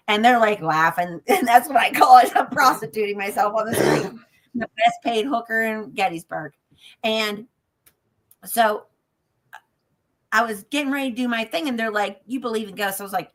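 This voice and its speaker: A woman's voice: mid-range voice, brisk. A woman working as a ghost tour guide, telling a story on a talk show, acting out each person's lines and laughing often. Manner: lively storyteller who acts out every voice in the story; laughs often and jokes about herself. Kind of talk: animated anecdote on a talk show.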